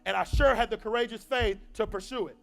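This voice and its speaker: A man's voice: high voice, brisk, gravelly, faint music behind. A young man giving a motivational talk at a university event, with a call-and-response preaching rhythm. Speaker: motivational speaker.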